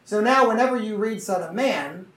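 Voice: medium pitch, animated, normal speed, a bit bright. A conversational Bible teacher reads scripture aloud and explains it to the group, often turning statements into questions for the listeners. The recording is roomy and echoey. The voice comes from some distance away from the microphone. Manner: checks in with listeners using tag questions. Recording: roomy, mic far from the speaker.

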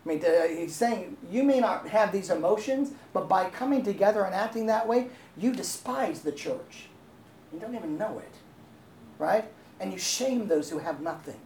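A woman's voice: medium pitch, lively intonation, normal speed, mellow, a little hiss or hum. Woman pastor, casual sermon voice, roomy hall echo with faint ambience. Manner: conversational, asks the congregation questions, laughs easily.

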